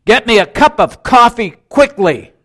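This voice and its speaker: A man voicing a brash young office trainee who shouts cheekily in a told joke. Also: a little high, a little slow, natural voice. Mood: cocky. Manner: shouting, cocky.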